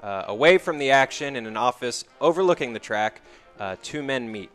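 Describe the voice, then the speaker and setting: A man narrating a tabletop game as game master, relaxed and full of fillers. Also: medium pitch, fairly quick, soft background music.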